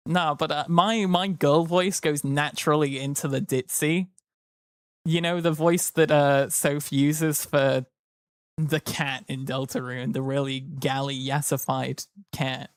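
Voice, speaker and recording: A man's voice: medium pitch, level tone, normal speed, no echo, clean studio sound. A tired man chatting casually to his live-stream audience, rambling and joking. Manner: rambling, jokey, slips into silly voices. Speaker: livestreamer.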